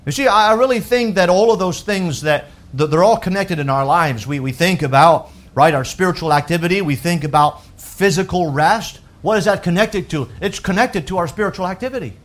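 Pastor guy preaching, pretty high voice, gets loud then drops real soft. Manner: emphatic preaching that rises to shouts and drops to soft lows; quotes scripture in a slow, deliberate voice. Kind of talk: sermon.

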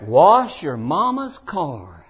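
An older man preaching a folksy sermon to young people, swinging between shouted points and hushed asides. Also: on the high side, big pitch swings, extremely slow, husky. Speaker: pastor. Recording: dull lo-fi sound.

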